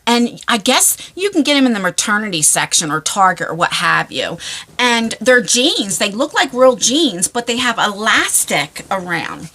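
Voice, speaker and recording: A woman chatting casually in a storytime vlog, laughing and squealing as she tells an embarrassing tale. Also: unhurried. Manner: animated, laughing, breaks into high squeals. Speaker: vlogger. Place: parked car.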